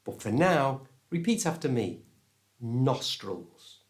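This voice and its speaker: A man with a British English accent teaching pronunciation, speaking slowly and clearly so learners can repeat the words after him. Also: medium pitch, very animated. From England. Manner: slow, clear and deliberate, modelling words for repetition. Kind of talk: pronunciation lesson to camera.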